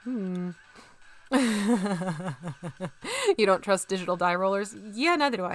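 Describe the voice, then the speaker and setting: This young woman, painting miniatures while livestreaming, chats casually and reads her chat in a bubbly, talkative way. Her mid-range voice is animated yet a little slow, with frequent pauses.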